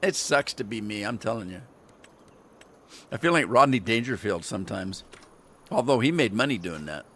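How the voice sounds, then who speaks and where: An older American man streams a farming game, chatting casually and telling rambling stories with frequent chuckles. His voice is lowish, animated, and a bit bright, moving at a moderate pace with long pauses.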